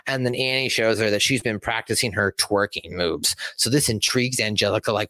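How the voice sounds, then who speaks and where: A man's voice: lowish voice, brisk, hardly any pauses, bright, forceful tone, no echo. A young man reviewing a movie on a casual livestream, rambling and swearing, with many fillers.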